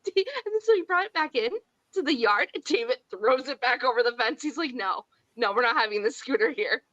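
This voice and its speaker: A woman's voice: a little high, lively intonation, fairly quick, fairly bright tone, no room sound, highs cut off. A woman in her forties co-hosting a podcast, blunt and swearing freely as she acts out family arguments. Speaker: podcast co-host. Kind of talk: casual chat.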